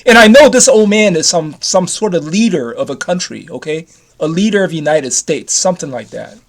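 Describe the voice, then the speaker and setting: High-voiced rambling man in his fifties. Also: animated, brisk. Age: 50s. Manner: repetitive, restarts often, casual swearing. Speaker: vlogger. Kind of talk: rambling personal story to camera.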